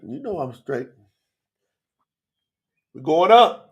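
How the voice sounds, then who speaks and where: Gravelly, emotional man teaching scripture. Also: a little high, sing-song, unhurried. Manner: emotional, preachy, talks to chat. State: teary and sweating. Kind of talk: live-streamed Bible teaching.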